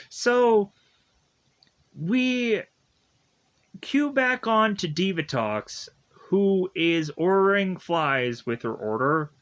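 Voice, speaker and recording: Young male recap host; unhurried, filler-heavy casual chat, slightly high register. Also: lively intonation, a bit bright, dull audio. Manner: rambling, full of "like" fillers, chuckles often.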